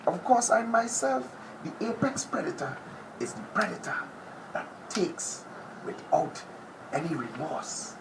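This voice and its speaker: A man doing an impression of a brash, boastful male TV personality, with a theatrical, drawn-out delivery that drops to whispers. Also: high-pitched, sing-song, creaky, full character voice. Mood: menacing. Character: brash boastful male TV personality, self-proclaimed top predator. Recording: noisy background ambience.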